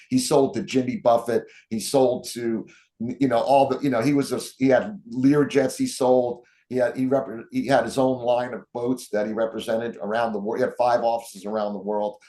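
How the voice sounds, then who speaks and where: A man telling stories as an interview guest, acting out the quotes of the people in them. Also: medium pitch. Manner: animated storyteller, acts out quotes. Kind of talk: storytelling interview.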